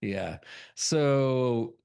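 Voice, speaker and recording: A man's voice: medium pitch, animated, very slow, vocal fry, a little mellow, clean tone. A man co-hosting a horror podcast, loosely retelling a film's plot with swearing and acted-out character lines. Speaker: podcast co-host. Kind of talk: casual movie recap chat.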